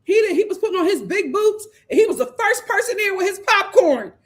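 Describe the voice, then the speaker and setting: A woman hosting a live recap show, animated and opinionated as she gives her commentary. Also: extremely high pitch, fairly quick. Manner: animated, opinionated, acts out quotes. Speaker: host.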